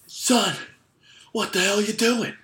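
A man voicing a furious, shouting go-kart track mechanic who barks orders at a kid. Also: high-pitched, steady tone, a little slow, pitched above the performer's own voice. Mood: yelling. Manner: shouting angry commands.

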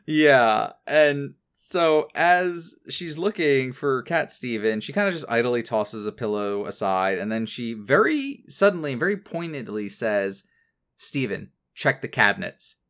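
A man co-hosting a casual chat, narrating cartoon plot points in a measured way and laughing often. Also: mid-range voice, sing-song, fairly bright tone, clear, resonant tone. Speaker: podcast co-host.

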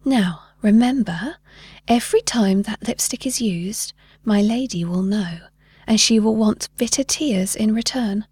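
A woman's voice: medium pitch, unhurried, darkish tone, husky, no echo. A woman voicing a tiny, sly female fairy who speaks in a sing-song way in a read-aloud storybook.

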